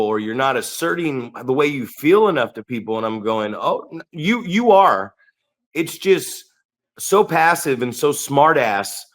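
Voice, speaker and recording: A man's voice: fairly high pitch, a bit bright. A man co-hosting a podcast in casual chat, blunt and profane, often acting out the people he quotes. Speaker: podcast co-host and wrestling trainer.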